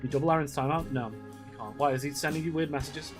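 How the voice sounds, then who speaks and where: A man's voice: a little high, quick pace, loud music behind the voice. A man streaming a zoo-building game, chatting casually with viewers in a rambling way, restarting sentences and swearing often. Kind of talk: casual live-stream chat.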